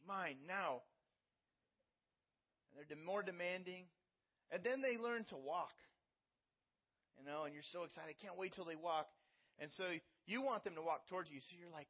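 A man with a fairly high voice preaches a sermon as pastor. He explains scripture earnestly and leans on everyday stories to teach. The recording is slightly muffled and lo-fi. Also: animated, normal speed, long pauses, slightly rough. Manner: earnest teaching with personal illustrations.

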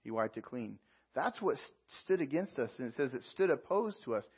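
A man's voice: mid-range voice, sing-song, brisk, husky, lo-fi sound. A man preaching as a pastor, reading scripture aloud and explaining it verse by verse. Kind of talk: sermon.

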